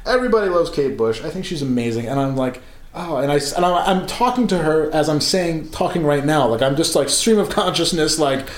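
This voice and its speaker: A man's voice: on the high side, lively intonation, a little fast. Rambling laughing man in an echoey room. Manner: rambling, laughing, swearing, trailing asides. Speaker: podcast co-host telling stories. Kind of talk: casual storytelling chat.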